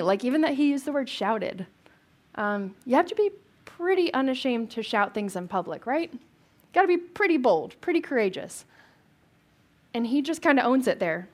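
A woman's voice: on the high side, lively intonation, moderate pace. A woman giving casual Bible teaching, conversational and chatty, with asides and rhetorical questions.

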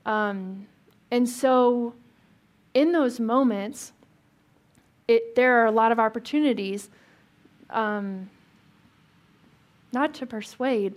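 A woman pastor delivers a sermon in a relaxed, conversational way. She asks her listeners questions and slips in small jokes. Her voice sits a little higher than most.

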